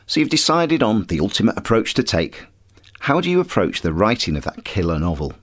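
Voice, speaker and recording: A man's voice: lowish voice, very animated, fairly quick. A man hosting a mentoring podcast, presenting scripted links between clips in an upbeat way. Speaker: podcast host.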